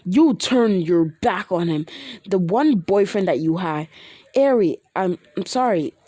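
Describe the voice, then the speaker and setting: A woman voices a short-fused teenage boy who barks insults. The tone is dark and close. The room is dry. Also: on the low side, lively intonation, measured pace, no room sound. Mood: angry. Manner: snapping insults. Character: angry hot-tempered teen boy, barking insults.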